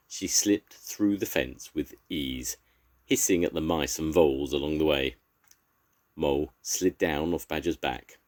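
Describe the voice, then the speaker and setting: Very deep-voiced older man reading aloud. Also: measured pace. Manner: expressive, lively storytelling. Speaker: grandfather storyteller. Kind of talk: children's story read aloud.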